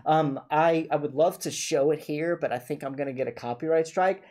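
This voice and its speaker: A man's voice: a little high, brisk, a little mellow. A man hosting a livestream, chatting casually and playfully, often laughing. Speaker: livestream host.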